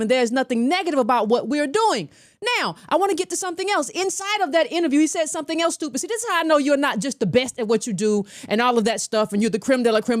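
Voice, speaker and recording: Emphatic high-voiced American woman host. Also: dry recording, studio quality. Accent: American English. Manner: combative, emphatic, scornful. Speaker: commentary show host. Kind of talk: opinionated political commentary.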